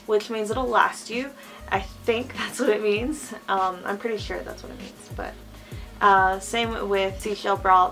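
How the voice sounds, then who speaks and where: A woman's voice: medium pitch, a bit bright. A woman with a lisp giving a chatty, gushing makeup review as a vlogger, talking casually with lots of fillers. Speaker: beauty vlogger.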